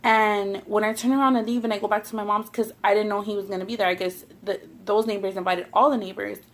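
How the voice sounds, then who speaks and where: Woman, casual eating vlog, rambling storyteller, curses freely, mid-pitched. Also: steady tone, quick pace. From Southern California. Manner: rambling, profane, lots of "like". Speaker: mukbang vlogger.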